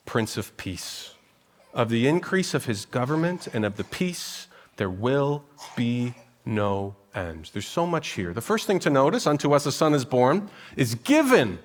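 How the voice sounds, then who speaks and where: A man's voice: medium pitch, sing-song, unhurried. Man preaching in a reverberant church. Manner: emphatic preaching with rhythmic lists and rising emphasis. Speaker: pastor. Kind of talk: sermon. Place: church sanctuary. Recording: long hall reverb.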